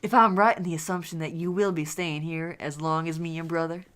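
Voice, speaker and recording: A woman voicing a polite, gentle young man who is a younger brother, in a pleasant low voice. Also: steady tone, fairly quick, clear, resonant tone.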